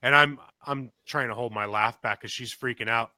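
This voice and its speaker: Here a man with a mid-range voice, pushed and bright, speaks at a moderate pace with no room sound. As a podcast co-host, he spins a casual story, curses casually, restarts a lot, and performs quotes with big vocal jumps.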